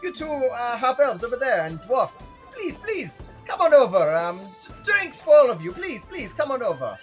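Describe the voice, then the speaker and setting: A man voicing an excitable man calling adventurers over for drinks in a tabletop game. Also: moderate pace, soft background music. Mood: eager. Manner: shouting, very high and eager.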